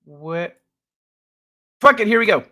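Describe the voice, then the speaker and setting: A male livestream host who talks in a loose, chatty way, reacting to his viewers, cursing casually and laughing often. His voice sits a little high for a man and swings up and down with lively, animated pitch. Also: takes it slowly. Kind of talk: casual live-chat stream.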